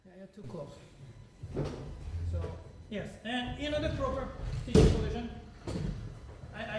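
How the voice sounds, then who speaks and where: A man's voice: high-pitched, heavy background noise. Man teaching piano in an echoey room. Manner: explains with questions to the class, demonstrating at the piano. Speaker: piano teacher leading a masterclass. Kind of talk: masterclass teaching. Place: echoey classroom. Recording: echoey room, distant mic. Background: piano playing.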